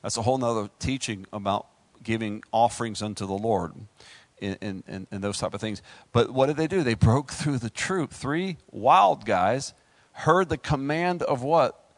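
Male pastor mid-sermon, lively and punchy, middle pitch, recorded dry. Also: normal speed, no room sound. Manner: animated preaching, rising to high exclaims.

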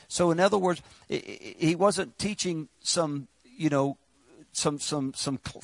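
Guy preaching, gravelly voice, dry close sound, jokes around and trips over his words. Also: fairly high pitch, no echo. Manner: conversational preaching with joking asides and repeated words. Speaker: pastor. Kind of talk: sermon.

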